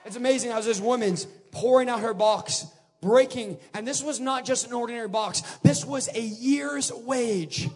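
A man preaching a revival sermon at a church service, swinging between shouted declarations and quiet conversational asides. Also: very high voice, moderate pace. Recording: live hall with long reverb.

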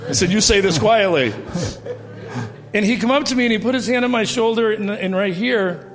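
A man in his fifties giving a church testimony to a congregation, telling his story with lively acted-out dialogue and chuckles at himself before moving into preaching. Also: sits high, a little fast. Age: 50s. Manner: animated storytelling, acting out quoted dialogue, laughing at himself. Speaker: guest speaker giving testimony. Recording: reverberant hall with faint music.

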